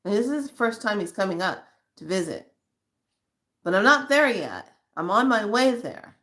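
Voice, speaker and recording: A middle-aged woman vlogger telling a personal story to her viewers in an animated, emotional way. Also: mid-range voice, normal speed. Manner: emotional, animated retelling with acted quotes. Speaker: spiritual vlogger.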